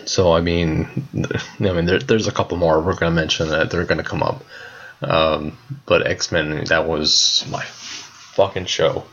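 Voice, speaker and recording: A man's voice: sits low, little pitch movement, moderate pace. A young man co-hosting a podcast in casual chat, swearing often and laughing a lot. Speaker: podcast co-host. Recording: dull lo-fi sound.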